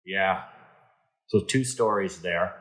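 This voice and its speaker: A man from Canada, a guest in an interview, telling a story with lively acted-out dialogue and many restarts. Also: low voice, slow, low-quality recording. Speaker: interview guest, insurance executive.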